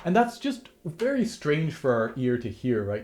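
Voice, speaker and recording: A man's voice: medium pitch, sing-song, moderate pace, few pauses, lo-fi sound, over loud music. A man teaching a harp lesson, explaining rhythm and counting the beats aloud as he plays, with frequent restarts.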